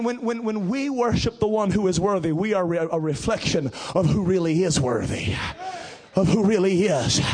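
A middle-aged male pastor preaching a sermon, building to drawn-out shouted emphasis. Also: sits high, breathy edge.

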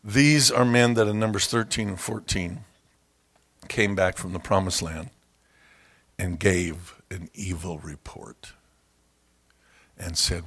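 A low-voiced man preaching from the pulpit, his tone husky and worn. He tells his stories with relish and jumps into loud, high-pitched shouts when he acts out the people in them. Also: lively intonation, slow pace, long pauses. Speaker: pastor. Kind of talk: sermon.

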